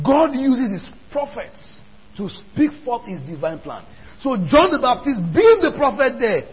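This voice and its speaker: High, lively preacher, lo-fi. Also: male voice, husky. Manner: emphatic, repeats lines and asks the crowd questions. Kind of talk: sermon. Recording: dull lo-fi sound with faint ambience.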